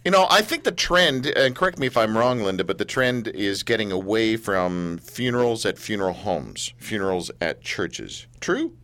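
A man's voice: fairly low pitch, normal speed, few pauses. A man hosting a radio talk show in a studio, teasing his co-hosts in casual banter. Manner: joking, teasing, animated.

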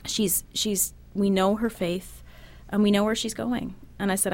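A middle-aged woman, a guest in an interview, telling a personal story in a soft, halting way with many restarts. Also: mid-range voice, fairly even intonation. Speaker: interview guest, bereaved mother. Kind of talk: personal testimony.

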